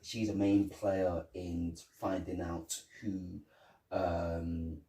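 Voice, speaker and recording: A man's voice: sits low, flat delivery, very slow, warm tone. A man co-hosting a podcast, casually chatting about a film and retelling its scenes. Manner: retells scenes, acts out quotes. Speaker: podcast co-host. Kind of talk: casual film review chat. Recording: roomy, distant mic.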